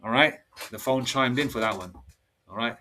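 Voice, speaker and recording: A man, giving a heated sermon-style monologue. He talks forcefully, repeats himself and keeps checking in with "all right?". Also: medium pitch, moderate pace. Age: 50s. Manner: forceful, repetitive, ends phrases with "all right?". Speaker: preacher. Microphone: laptop mic. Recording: distant laptop mic.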